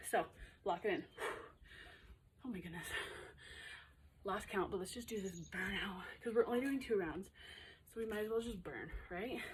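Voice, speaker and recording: A woman's voice: medium pitch, slight background noise. A woman in her thirties coaching a home workout while exercising along, chatty and upbeat, out of breath, cueing moves between breaths. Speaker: fitness instructor.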